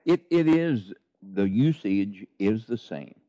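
A man with a somewhat low voice talks about faith with a folksy, storytelling ease. He speaks like a minister chatting with a friend, not preaching from a pulpit. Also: lively intonation, takes it slowly, dark tone, muffled recording. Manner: folksy, storytelling, laughs while talking. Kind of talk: casual religious discussion.

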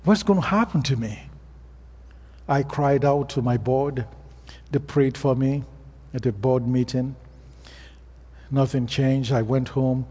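A man's voice: mid-range voice, takes it slowly, long pauses, mellow, breathy edge. A man with an African accent, a pastor preaching a sermon and telling stories in a plain, earnest way. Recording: long reverb of a hall.

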